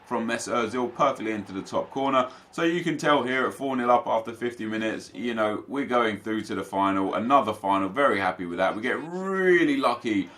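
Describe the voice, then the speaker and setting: A young man recaps his video game football matches for his viewers in a casual, upbeat way. His voice is bright and forward at an ordinary male pitch. He speaks like a regular gaming creator talking to his audience. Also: lively intonation, fairly quick, few pauses. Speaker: gaming YouTuber. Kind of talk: casual gameplay commentary.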